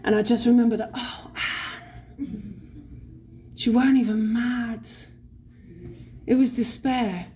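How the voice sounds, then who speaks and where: A woman with a London accent tells her own recovery story to a live convention audience, speaking into a podium microphone. She swears freely and slips into the voices of the other people in her story, with her voice sitting a touch high. A faint wash of room ambience sits behind her. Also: steady tone, normal speed, warm tone, slight background noise. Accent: London English. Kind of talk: live personal recovery share.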